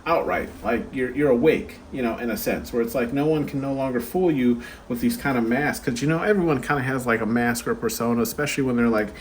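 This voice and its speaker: A man's voice: medium pitch, quick pace, few pauses, slight background noise. A man giving a casual pick-a-card tarot reading, rambling and chatty with lots of fillers and asides.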